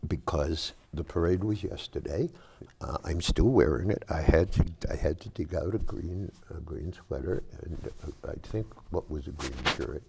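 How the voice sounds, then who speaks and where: A man's voice: extremely low pitch, normal speed, vocal fry, slightly rough. An older man from South Boston with a Boston accent, chatting casually as a host and telling rambling stories full of fillers. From South Boston, Massachusetts. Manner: rambling, animated storyteller with many fillers. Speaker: local cable show host. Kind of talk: casual chat.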